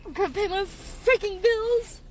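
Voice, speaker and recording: A woman's voice: very high-pitched, normal speed, slight background noise. A woman in her fifties, tearful and distraught, venting in a rambling way to her phone from inside her car. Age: 50s. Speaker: gig delivery driver.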